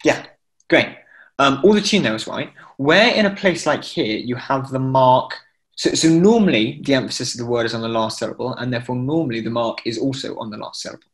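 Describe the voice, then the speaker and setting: A man's voice: mid-range voice, fairly quick. A man teaching an online class in chanting scripture, explaining with many fillers and chanting short examples. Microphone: video call.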